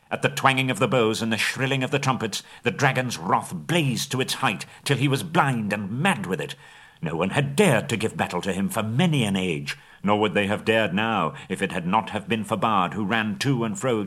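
Deep-voiced man narrating a dramatic story. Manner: expressive, builds to loud dramatic peaks. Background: faint music.

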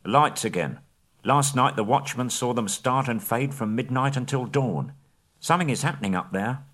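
A man voicing an eager townsman in a storybook reading, speaking quickly with excitement. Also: medium pitch. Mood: excited.

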